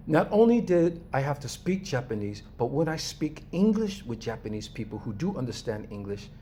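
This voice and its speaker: An American man from Los Angeles speaking in a casual, animated monologue to his viewers, emphatic and chuckling often. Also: medium pitch, slight background noise. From Los Angeles, USA. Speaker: vlogger.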